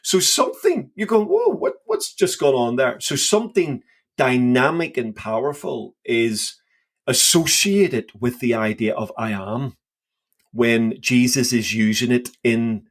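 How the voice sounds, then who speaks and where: A man co-hosting a podcast, talking through Bible passages with lively enthusiasm and emphatic, acted-out quotes. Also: mid-range voice, measured pace. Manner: enthusiastic, emphatic, acts out scripture dialogue. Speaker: podcast co-host. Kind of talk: casual Bible discussion.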